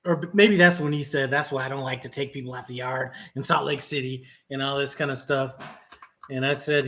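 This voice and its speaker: A man's voice: mid-range voice, fairly quick. A middle-aged man casually telling a heated story for his vlog, swearing often and acting out the dialogue. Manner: profane, animated retelling with quoted dialogue. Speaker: trucking vlogger.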